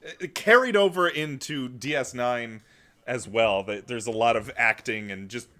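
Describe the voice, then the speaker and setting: A man's voice: mid-range voice, measured pace, bright, forceful tone. A man in casual chat who gives long, eager explanations and swears casually. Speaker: podcast co-host.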